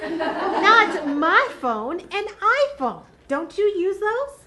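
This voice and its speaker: Lively high-voiced woman co-presenter. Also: slow pace. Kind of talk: playful skit with a puppet-style character.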